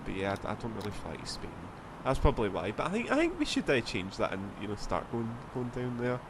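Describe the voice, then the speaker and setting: A man's voice: medium pitch, huge pitch swings, quick pace, heavy background noise. A man with a Scottish accent, rambling casually as he streams a flight sim, swearing now and then. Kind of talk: casual gameplay commentary.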